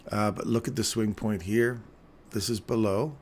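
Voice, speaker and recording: Man, deep voice, groggy morning voice, casual joking live trading commentary, faint background hum. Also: fairly even intonation, normal speed. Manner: casual, explanatory, joking, keeps asking "right?". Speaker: trading stream host.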